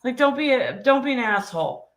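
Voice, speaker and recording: Brassy woman co-host, blunt and foul-mouthed; bright, higher voice. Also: a little fast. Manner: blunt, profane, animated ranting. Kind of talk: casual podcast chat.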